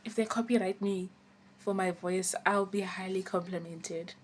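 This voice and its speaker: A woman's voice: medium pitch, fairly even intonation, moderate pace, slight background noise. A young woman chatting casually in a vlog, getting exasperated and singing bits of songs between comments. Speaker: vlogger.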